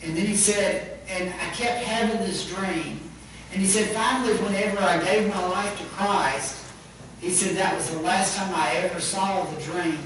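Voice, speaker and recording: A high-voiced man preaching an earnest sermon. He is heard from a distance in a very echoey church sanctuary, with faint noise underneath. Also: normal speed, a bit bright. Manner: retells a story with much quoting, earnest. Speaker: pastor.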